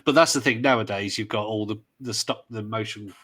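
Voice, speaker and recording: Podcast co-host, Midlands man, lowish voice, rambling and chatty. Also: fairly quick, fairly bright tone. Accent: English Midlands. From English Midlands. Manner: rambling, hesitant, breaks into jokey impressions. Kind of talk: casual chat.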